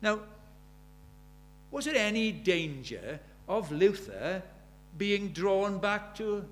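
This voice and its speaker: A man's voice: high voice, expressive, takes it slowly, fairly bright tone. A man in his seventies preaching a sermon, pressing his congregation with earnest rhetorical questions. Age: 70s. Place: church.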